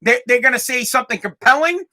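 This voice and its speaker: A man hosting his own podcast, ranting crudely and excitably with lots of swearing. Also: extremely high pitch, fast. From United States. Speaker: podcast host. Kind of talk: profane ranting monologue.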